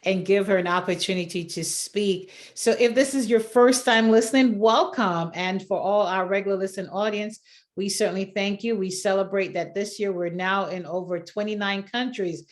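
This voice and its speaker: This is a woman hosting a podcast in a relaxed interview style. She talks effusively and encourages her guest. She laughs often between remarks. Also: medium pitch, normal speed. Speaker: podcast host. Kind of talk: casual interview chat.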